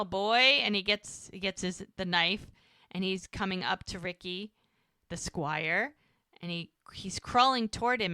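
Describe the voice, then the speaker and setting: Bright-voiced woman animatedly recapping. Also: medium pitch, clean tone, no echo, studio quality. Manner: animated retelling, quotes characters' lines. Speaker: podcast co-host recapping an episode. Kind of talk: casual chat.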